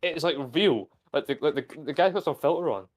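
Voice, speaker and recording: A man's voice: a little high, lively intonation, brisk, no room sound. A young man, a British streamer rambling profanely in casual chat and laughing at his own jokes. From Britain.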